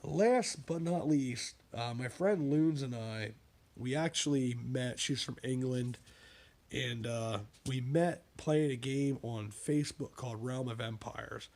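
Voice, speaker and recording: A man's voice: mid-range voice, slow pace, a little mellow. A man who writes books, talking casually about them in a rambling monologue full of digressions and asides.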